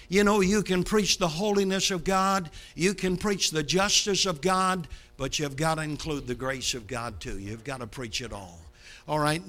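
A man in his seventies from Brooklyn preaching a sermon from the pulpit, dramatic, swinging from loud bursts to low hushed line endings. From Brooklyn, New York. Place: church sanctuary, behind a pulpit.

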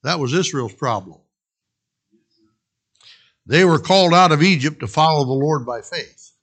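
Man, pastor, sermon, earnest storytelling, bright slightly high voice. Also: expressive, unhurried.

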